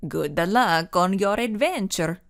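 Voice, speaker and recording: A woman voicing a good-humored middle-aged Italian man in a storybook, speaking slowly and gently with a put-on Italian accent. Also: mid-range voice, lively intonation. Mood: amused, gentle. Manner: slow, amused, gentle.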